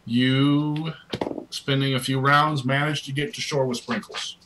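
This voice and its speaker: A man's voice: medium pitch, fairly even intonation, a little slow, noisy background. A man narrating as dungeon master, casual and easygoing. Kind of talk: narrating a tabletop game.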